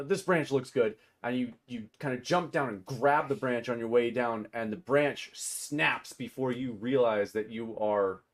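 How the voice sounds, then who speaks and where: Low-voiced laughing game master man. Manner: laughs often, loose and chatty. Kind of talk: narrating a tabletop game.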